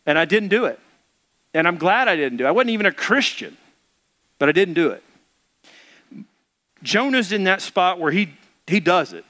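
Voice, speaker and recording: A middle-aged man preaching a sermon, animated and acting out the Bible story in little voices. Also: high voice, normal speed, pauses often. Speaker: pastor.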